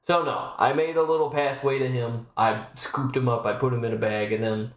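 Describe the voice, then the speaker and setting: A man's voice: mid-range voice, steady tone, moderate pace, echoey room. A man live-streaming from home, chatting in a rambling, casual way with lots of restarts. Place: home room.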